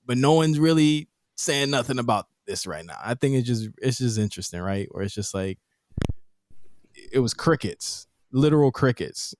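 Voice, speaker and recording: A man's voice: mid-range voice, a little mellow, no room sound, studio quality. A man hosting a casual chat podcast, talking animatedly in slang and laughing often. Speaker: podcast host.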